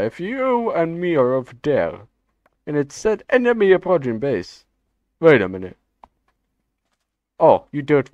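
A man's voice: medium pitch, big pitch swings, measured pace, long pauses, a little mellow, dry recording. A young man making joking, rambling gameplay commentary as host of his gaming channel, on a dull, dry mic.

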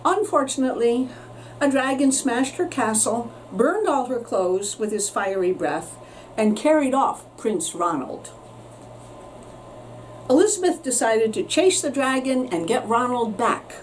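A woman teacher reading a children's story aloud with expressive storytelling, recorded with a distant mic and faint noise. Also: fairly high pitch, measured pace.

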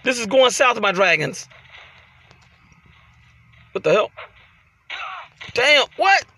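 A man hosting a gaming channel, giving excited let's-play commentary while trash-talking his opponent and yelling out exclamations. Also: very high-pitched, slow. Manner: loud trash-talking, frequent shouted exclamations.

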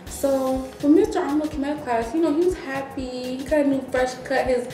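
A young woman vlogger telling a story casually, animated and laughing, acting out the people she quotes. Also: high voice, brisk, reverberant, over music. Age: young adult.

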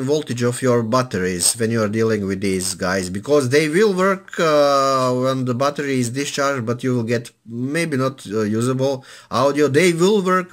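Man, mid-pitched, easygoing hobbyist voice, loose and rambling with plenty of ums, talking gear at home. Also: fairly bright tone. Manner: laid-back, loose, many filler sounds, calls viewer "man". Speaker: hobbyist reviewing an old cassette recorder. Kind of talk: casual rambling review.

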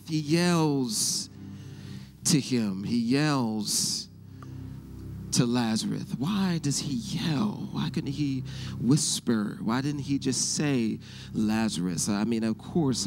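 A middle-aged man preaching a sermon as pastor. He keeps asking the congregation if they hear him and builds to loud shouts. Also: mid-range voice. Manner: preaching with call-and-response questions, rising to shouts.

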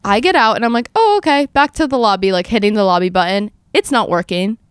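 A young woman in her twenties telling a story on her podcast, with a smooth, resonant voice recorded close and dry. She tells it dramatically, acting out what everyone said at a middle pitch. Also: fast, dry recording. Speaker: podcast host. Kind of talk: casual storytelling chat.

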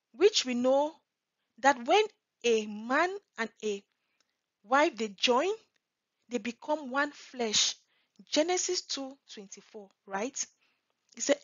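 A woman with a high voice teaches scripture at a slow, deliberate pace, reading each verse and then unpacking it. She stresses and repeats key words. The recording is dry and a little dull. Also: a bit bright, no room sound. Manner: reads scripture aloud and explains it point by point; leans on key words, repeats them for emphasis. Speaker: Bible teacher.

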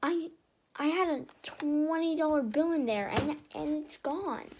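A woman's voice: high-pitched, measured pace, background noise, pitched above the performer's own voice. A woman reading aloud and voicing a grumpy young boy who talks in a grouchy, know-it-all way. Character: grumpy young boy, sleepy older brother.

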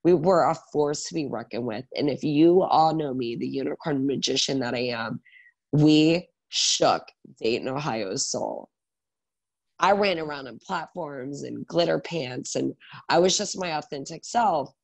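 A man in his thirties, a guest on an interview podcast, telling his story in an energetic, animated way with lots of filler words. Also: a little high, a little slow, creaky. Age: 30s. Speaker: guest, salon owner and educator.

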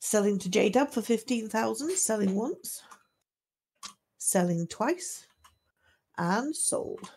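A woman acting as auctioneer on a game livestream, calling lots and bids in a steady, methodical way. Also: on the high side, slow, creaky, long pauses, a little hiss or hum. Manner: steady methodical lot-calling, selling once, twice, sold.

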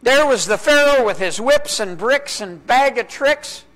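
A male pastor preaching a sermon in a church, with dramatic pauses and strings of rhetorical questions, dropping to a hush on key words. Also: extremely high pitch, lively intonation. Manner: drops to a hushed voice on key words.

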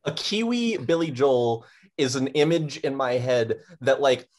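A man's voice: mid-range voice, expressive, measured pace. A man co-hosting a music podcast, trading dry jokes in casual chat. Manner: joking, dry banter. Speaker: podcast co-host.

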